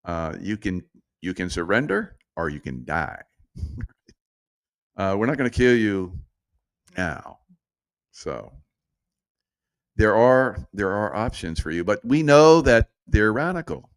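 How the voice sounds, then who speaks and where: A man's voice: fairly low pitch, big pitch swings, takes it slowly, pauses often. A man hosting his own show with casual, rambling commentary, laughing often and drifting off point. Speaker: show host.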